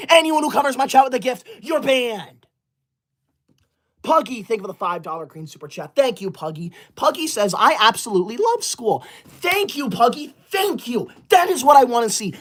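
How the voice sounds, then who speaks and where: A man's voice: extremely high pitch, fairly bright tone. A man doing a comedic livestream skit, reading super chats aloud, sternly praising good students and snapping at rude viewers to get out. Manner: indignant, bossy, snaps at viewers and bans them.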